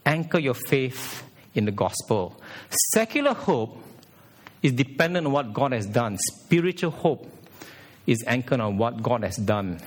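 A man preaching a sermon as pastor in a church, animated, with pitch shifting for emphasis and acted quotes. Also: unhurried, breathy edge.

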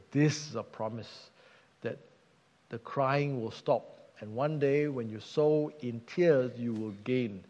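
A man's voice: mid-range voice, slow, a little mellow. A man preaching a sermon, earnest and emphatic, asking rhetorical questions. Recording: dull sound with long hall reverb.

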